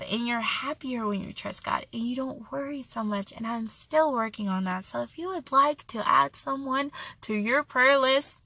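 A woman's voice: fairly high pitch, creaky, pushed and bright, no room sound. A young woman hosting a devotional podcast, reading Bible verses and sharing an earnest, chatty personal testimony. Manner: earnest, chatty, self-correcting.

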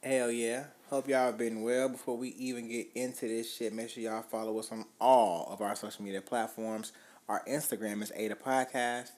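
A young man co-hosting a podcast, chatting in a relaxed, easygoing way. He swears casually and laughs often as he reels off the show's plugs. His voice sits at an ordinary middle pitch. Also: moderate pace. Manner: laid-back, laughing, profane banter. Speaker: podcast co-host. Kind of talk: casual chat.

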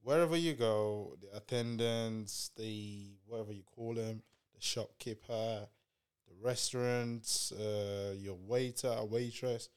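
A man from the UK, co-hosting a podcast, retelling a trip in slangy, animated casual chat. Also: fairly low pitch, slow, smooth. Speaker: podcast co-host.

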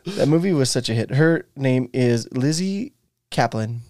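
A man's voice: medium pitch, expressive, unhurried, background noise. A man co-hosting a casual podcast, playful and fond of silly wordplay. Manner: playful, wordplay, mumbled asides. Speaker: podcast co-host. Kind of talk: casual chat.

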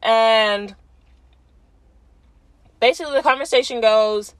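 A woman's voice: medium pitch, normal speed, long pauses, fairly bright tone, dry recording. A young woman casually recapping a reality show, chatty and full of fillers, acting out what people said. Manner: chatty, filler-heavy, acts out quotes.

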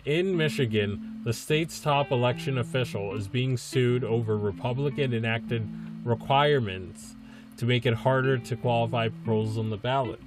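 A man's voice: mid-range voice, moderate pace, music in the background. A man hosting a podcast, talking casually and rambling with frequent ums and restarts. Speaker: podcast host.

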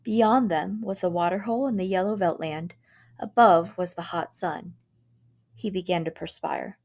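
A woman teacher reading a short story aloud in a measured, dramatic way. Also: on the low side, a little mellow.

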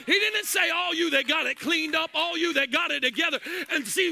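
A man preaching a fiery sermon from a church platform, shouting and half-singing his phrases. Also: extremely high pitch, a little fast, gravelly, hardly any pauses, dry recording. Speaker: pastor. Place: church sanctuary.

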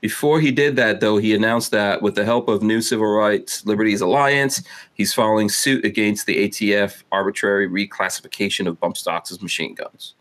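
A man's voice: fairly low pitch, fairly even intonation, normal speed, a bit bright. A man hosting a podcast, chatting casually and teasing his co-hosts while reading out news. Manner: joking, teasing banter. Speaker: podcast host. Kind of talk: casual chat. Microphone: studio mic.

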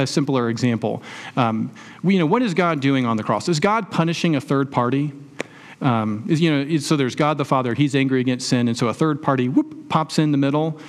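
A man preaching a sermon as a pastor, talking to the congregation in a conversational way, asking rhetorical questions and using everyday examples. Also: mid-range voice.

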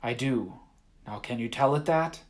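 A man's voice: medium pitch, moderate pace, close to an everyday voice. A man voicing a young boy who is frightened but pushes on with determination. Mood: urgent.

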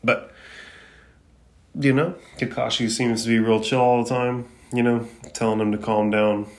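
A man's voice: medium pitch, flat delivery, a little slow. A man recapping an anime episode in a casual, slangy way, with fillers and opinions. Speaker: anime reviewer.

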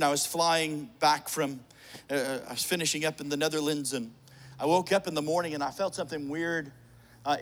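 Middle-aged preacher guy cracking jokes while he tells a story, voice a bit high. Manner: joking, storytelling, frequent restarts. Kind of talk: sermon with humorous story.

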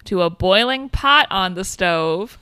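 Bright-voiced young woman chatting. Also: mid-range voice, animated, slow, clean tone, dry recording. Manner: chatty, swears freely, acts out characters' lines. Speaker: podcast co-host. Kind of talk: casual chat recapping a film.

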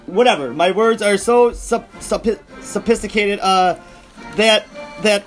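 Brief: loud high-pitched blowhard male president, bragging and tripping over words, put on by a man. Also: measured pace, soft background music. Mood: boastful. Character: boastful pompous male president.

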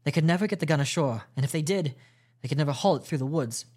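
A man's voice: a little high, fast, darkish tone, close to an everyday voice. A man voicing an earnest ship's doctor in a storybook reading, reporting eagerly. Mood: calm.

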